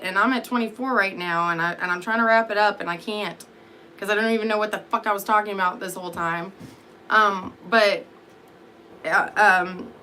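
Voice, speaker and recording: Sleepy, rambling woman with a bright voice. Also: mid-range voice, a little hiss or hum. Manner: rambling, profane, self-deprecating, answering chat. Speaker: vlogger talking to live chat. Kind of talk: rambling live-stream chat.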